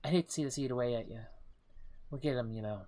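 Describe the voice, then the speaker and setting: A man's voice: medium pitch, fast talker, mellow, close to an everyday voice. A man voicing a perky, loyal young woman companion while reading game dialogue aloud. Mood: earnest.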